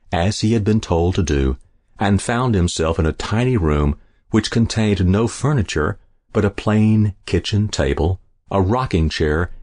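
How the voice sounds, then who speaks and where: A man narrating a short story in a measured, even storytelling manner, after a short introduction of its author. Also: sits low, no echo, studio quality. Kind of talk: scripted short story reading.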